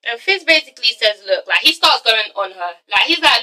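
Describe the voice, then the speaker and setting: A woman's voice: fairly high pitch, lively intonation, a little fast, hardly any pauses, bright, forceful tone, distant mic, rough recording. A young woman vlogger giving a sassy, swearing review of a reality show episode, mimicking the people in it. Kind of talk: casual ranting review.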